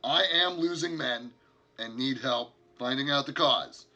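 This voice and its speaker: Give me a man doing a frazzled male camp boss at the end of his rope, the voice pushed up high and loud, strained and sharp-edged, pleading as if rubbing his temples. It sits in a tabletop game over voice chat. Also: sing-song, moderate pace, highs cut off, heavily acted. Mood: exasperated.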